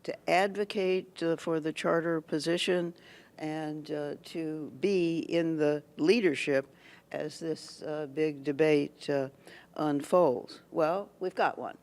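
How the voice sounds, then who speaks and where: Slow, gravelly speaker at a lectern. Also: mid-range voice, steady tone, darkish tone. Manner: deliberate, halting, many pauses and restarts. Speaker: speaker addressing a schools association meeting. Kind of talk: prepared public speech. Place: meeting hall at an annual meeting.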